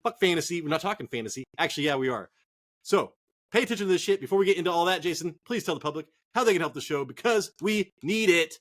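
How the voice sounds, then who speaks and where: A man's voice: a little high, expressive, quick pace, a bit bright. Joking, swearing male fantasy football host. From Northern California. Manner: rambling, joking, swears freely. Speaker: podcast co-host. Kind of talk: casual profane sports chat. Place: cold garage.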